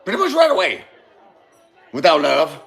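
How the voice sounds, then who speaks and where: A man's voice: fairly high pitch, wildly swooping pitch, normal speed, vocal fry, fairly bright tone, some chatter behind. A man giving a casual motivational talk, rambling and repeating himself, swearing now and then and calling listeners brother. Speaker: speaker giving a monologue on love.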